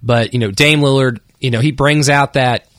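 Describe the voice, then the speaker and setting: A man's voice: mid-range voice, fairly even intonation, moderate pace, fairly bright tone, dry recording. Guy co-hosting sports radio, easygoing, rambles and laughs, dry close sound. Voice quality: laid-back, rambling, laughs often. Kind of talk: casual sports talk.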